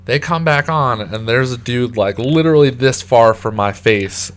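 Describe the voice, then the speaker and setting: A man's voice: mid-range voice, moderate pace. A young man co-hosting a casual chat, describing a haunted attraction in a laid-back way with lots of fillers. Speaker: co-host.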